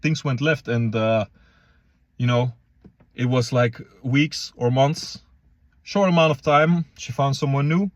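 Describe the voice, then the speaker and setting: A man's voice: mid-range voice, unhurried, no echo. A young man casually talking to viewers as a fitness vlogger, slangy and loose, calling them guys and bro. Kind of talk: casual advice vlog.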